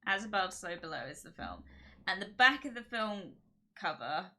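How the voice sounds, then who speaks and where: A woman's voice: medium pitch, big pitch swings, normal speed, sharp tone. A woman hosting her livestream, chatting casually and rambling with giggles and restarts. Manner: rambling, giggly, self-interrupting. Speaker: streamer host.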